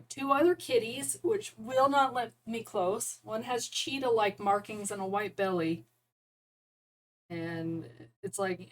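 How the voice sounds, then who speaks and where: A woman's voice: mid-range voice, poor audio. A woman chatting casually and rambling, often breaking into laughter. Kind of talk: casual chat about neighborhood cats.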